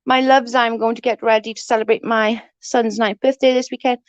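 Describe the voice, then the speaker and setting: At home on a livestream, a woman in her forties chats casually with viewers, laughing a lot, swearing freely, and rambling. Her voice is on the high side with little pitch movement, she talks a little fast, and the lo-fi recording is dull and dry.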